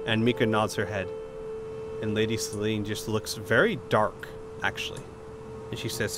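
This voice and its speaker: A man's voice: on the low side, steady tone, moderate pace, noisy background. Man narrating as game master.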